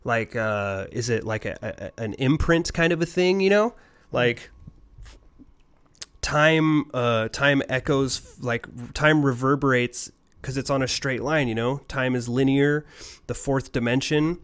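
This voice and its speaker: A man's voice: medium pitch, unhurried, fairly bright tone, smooth. A man co-hosting a casual podcast spins a long, rambling ghost story in an ordinary mid-range voice. His talk is loose and peppered with swearing. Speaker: podcast co-host.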